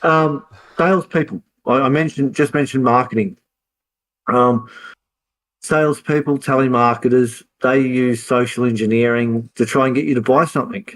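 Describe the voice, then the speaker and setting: A man on a live stream, explaining in a measured way with hesitant fillers. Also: mid-range voice, poor audio. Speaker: co-host.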